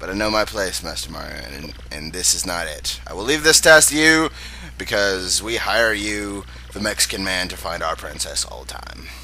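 A man's voice: deep voice, expressive, moderate pace, creaky, bright, forceful tone, a little hiss or hum, heavily acted, low-quality recording. A man voicing a fussy, posh old male servant in a video game, rambling and self-deprecating. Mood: fretful.

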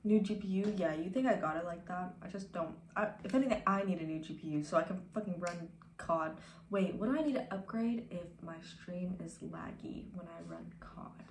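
A woman's voice: lowish voice, moderate pace, a little hiss or hum. Casual, cursing young woman streamer. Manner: laid-back and profane, drifting into whispers. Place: home room. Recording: echoey room with faint ambience.

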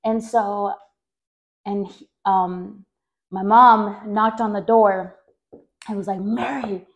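Speaking slowly with little pitch movement, a Mexican woman hosts a podcast recounting her life story. She wanders, corrects herself mid-sentence, leans on "like," and acts out quoted voices at a louder, higher pitch.

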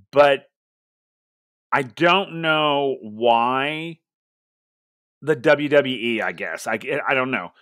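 A man co-hosting a casual wrestling podcast, venting in a rambling, animated way with lots of restarts and mock quotes. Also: mid-range voice, dry recording, clean studio sound. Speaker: podcast co-host.

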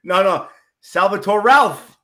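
A middle-aged man hosting a casual interview, jokey and quick to laugh, teasing his guest. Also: sits high, sharp tone. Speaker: host.

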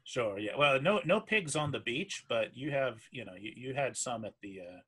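A man's voice: medium pitch, lively intonation, normal speed, fairly bright tone, husky. A man acting as game master of a tabletop game, narrating hesitantly with frequent restarts. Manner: hesitant, full of fillers and restarts.

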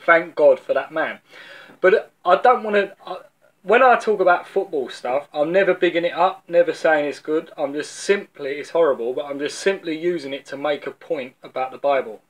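Male preacher with a London accent and a fairly high voice, casual and storytelling, restarts often. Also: moderate pace. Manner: conversational storytelling, repeats words as he restarts. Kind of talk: informal video sermon.

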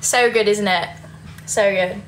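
A woman's voice: mid-range voice, steady tone, takes it slowly, a little hiss or hum. A young woman with a Yorkshire accent, chatting casually on a livestream, reading viewer comments and giggling often. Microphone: phone.

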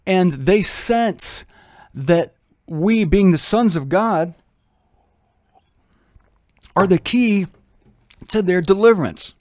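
Guy teaching the bible, jokey and super animated, kinda high voice, dry sound. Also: no echo. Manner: humorous, animated, acts out little voices.

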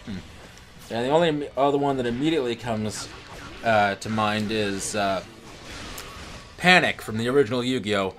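Sidekick commentator: man, mid pitch, chatty and easygoing, faint game music behind. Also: normal speed, pauses often, fairly bright tone. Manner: easygoing, chatty, gets sidetracked looking up trivia. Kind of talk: casual chat over gameplay.

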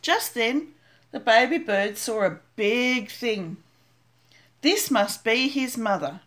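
Slow, lilting older woman reading aloud. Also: a little high, animated, fairly bright tone. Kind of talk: storybook read-aloud.

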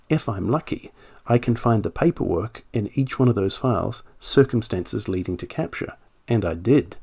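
A man's voice: fairly low pitch, mellow. Man explaining history, conversational. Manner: conversational, with asides and self-corrections. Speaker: family history researcher. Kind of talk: casual explanatory talk.

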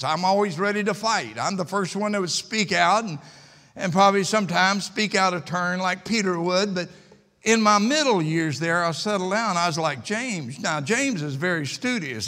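An older male preacher delivers a sermon in a church, his voice sitting notably high. He tells stories in a homespun way and hammers points home through repetition. A long church reverb trails behind each phrase. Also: expressive, normal speed, sharp tone. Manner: folksy storytelling, emphatic repetition. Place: church sanctuary.

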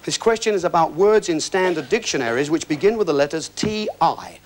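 A man's voice: a little high, expressive, a little fast, a little hiss or hum. A man hosting a television quiz show, reading questions and joking with contestants in a breezy, easygoing patter. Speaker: game show host. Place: television studio with audience.

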